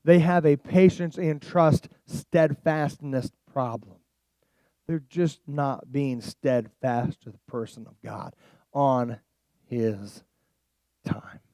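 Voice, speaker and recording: A man preaching a sermon as pastor, animated and casual, dropping into quiet asides and rising into loud emphatic passages. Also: medium pitch, slow, no echo. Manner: casual slang.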